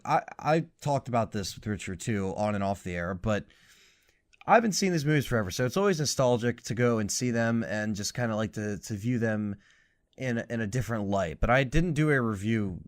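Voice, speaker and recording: A young podcast co-host with a medium-pitched voice talks in an animated, profane way on a casual podcast. He mocks lines as he retells scenes.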